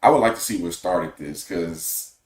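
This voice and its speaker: A man co-hosting a podcast, talking in a measured, opinionated way and posing questions. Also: low-pitched, reverberant. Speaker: podcast co-host. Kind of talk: casual podcast chat.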